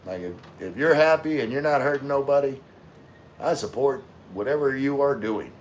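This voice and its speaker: A man's voice: mid-range voice, animated, normal speed, slight background noise. A middle-aged man hosting a casual livestream, answering viewer comments in a laid-back way with lots of fillers. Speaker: livestream host reading chat.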